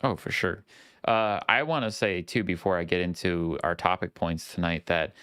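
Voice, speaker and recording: A man with a deep, very low voice that sounds smooth and resonant. He hosts a podcast in easygoing chat, rambling through his points. The sound is dry and close. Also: fairly bright tone, dry recording. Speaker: podcast host.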